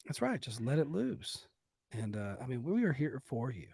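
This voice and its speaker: A man's voice: mid-range voice, big pitch swings, normal speed, creaky, a little mellow, slightly rough, dry recording. A man co-hosting a comedy podcast, rambling with crude jokes and lots of fillers. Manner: vulgar, joking, rambling with fillers. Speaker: podcast co-host.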